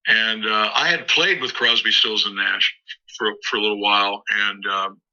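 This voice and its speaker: A man with a very bright, forward voice tells stories in a rambling way, restarting his phrases often. He speaks as a musician guest in a casual interview. The sound is slightly dull and lo-fi. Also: lowish voice, fairly even intonation, normal speed. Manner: rambling anecdotal, frequent restarts and acted quotes. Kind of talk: interview storytelling.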